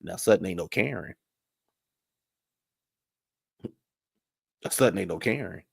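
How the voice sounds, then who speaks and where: A man giving a sassy, animated casual recap of a reality TV episode, laughing often. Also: low-pitched, slow pace, vocal fry, slightly rough. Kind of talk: casual reaction commentary.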